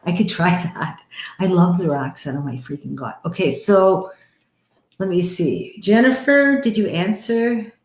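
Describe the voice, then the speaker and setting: A woman from Canada, a psychic medium hosting a live-stream card reading, chatty and animated, with frequent laughter. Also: on the low side, measured pace, echoey room.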